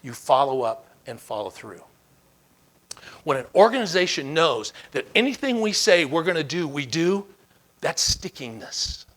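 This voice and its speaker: A man giving a motivational keynote speech, telling stories with dramatic, repeated emphasis that swings from loud to hushed. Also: a little high, big pitch swings, a little slow. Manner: dramatic storytelling with emphatic repetition. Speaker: keynote speaker.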